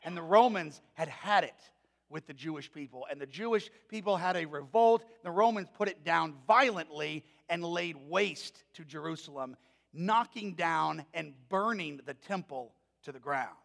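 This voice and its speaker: Man in his forties, pastor, folksy sermon, high gravelly voice, long church reverb. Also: lively intonation, moderate pace, a bit bright. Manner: folksy storytelling, conversational. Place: church sanctuary.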